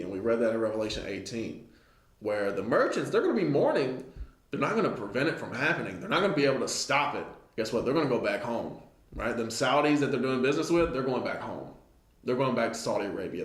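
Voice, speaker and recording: A man teaching an informal Bible lesson, reading old scripture slowly and with emphasis, and often asking "right?" to check in with his listeners. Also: medium pitch, roomy sound.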